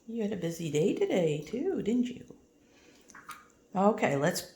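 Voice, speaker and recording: Pet owner, woman, coaxing baby talk; slow, lively pitch, echoey home room. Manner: coaxing sing-song baby talk with sudden high squeaks. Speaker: bird owner training her pet.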